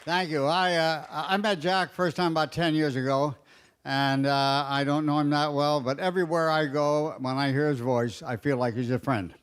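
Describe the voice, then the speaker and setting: An older man telling stand-up jokes at a roast, with a halting, fumbling delivery full of fillers. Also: on the high side, steady tone, clear, resonant tone, some chatter behind. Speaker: comedian at a roast. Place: banquet dais.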